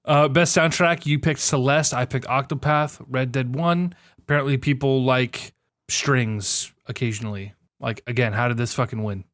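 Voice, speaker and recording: A young man with an average-pitched voice co-hosts a casual podcast chat. He is sarcastic and quick to swear, and he bursts into animated complaints. The recording is dry and close, with no room sound. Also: dry recording. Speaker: podcast co-host.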